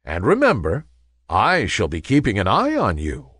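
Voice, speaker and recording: A wise, kindly sun from a children's storybook, speaking in a gentle, measured way, as a man puts him on. The pitch rises and falls widely, and the close recording is dry. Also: wildly swooping pitch, breathy edge, no room sound, exaggerated voice. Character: grand kind male sun, calm and wise.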